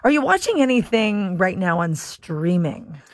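A woman's voice: medium pitch, big pitch swings, measured pace, dry recording, studio quality. A woman hosting an afternoon radio show, chatting in an amused, easy way and reading the time and weather. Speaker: radio host. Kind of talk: casual radio chat. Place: radio studio.

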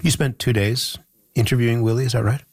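A male host interviewing a guest, asking measured questions with small restarts. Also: mid-range voice, steady tone, a little mellow, husky, dry recording, studio quality. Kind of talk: radio interview.

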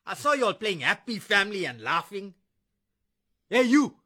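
An actor playing a drunk, abusive ex-husband who is a bullying cop, slurring and taunting. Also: male voice, high-pitched, sing-song, brisk, sharp tone, heavily acted.

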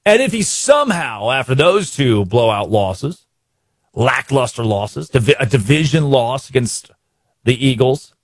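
A man hosting a sports talk show, giving excitable commentary in bursts full of repeats and restarts. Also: medium pitch, a little slow, slightly rough, no echo, studio quality.

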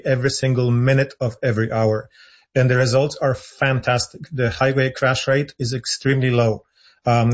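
Insistent husky man on a dull line. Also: mid-range voice. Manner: insistent, argumentative, repeats points for emphasis. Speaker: guest, founder of an advocacy group. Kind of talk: radio call-in interview.

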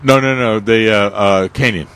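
A man co-hosting a radio gardening show in casual chat, talking haltingly with many fillers and restarts. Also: on the low side, a bit bright, a little hiss or hum.

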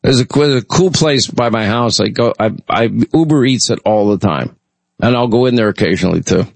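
A man's voice: mid-range voice, a little fast, vocal fry, dry recording. A man hosting a call-in radio show, telling rambling, chatty stories with lots of restarts. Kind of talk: casual talk radio chat.

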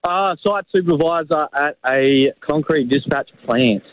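A man's voice: fairly high pitch, measured pace, lo-fi sound, a crowd in the background. A man calling in to a radio show, chatting in a laid-back, self-mocking way. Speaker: caller. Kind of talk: casual chat on a radio call.

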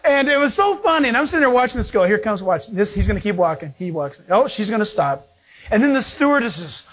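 High-voiced, storytelling male pastor. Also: quick pace. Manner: storytelling, animated, acts out voices of people he quotes. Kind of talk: sermon.

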